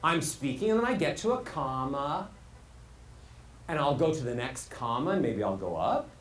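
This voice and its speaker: Animated male voice coach, roomy sound. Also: moderate pace. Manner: animated, swings pitch widely to demonstrate. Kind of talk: speaking lesson. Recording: roomy sound with faint hiss.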